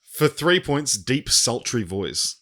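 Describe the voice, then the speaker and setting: A man co-hosting a casual podcast, reading out quiz clues slowly and laughing often. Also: medium pitch, sing-song, sharp tone. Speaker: podcast co-host, quizmaster.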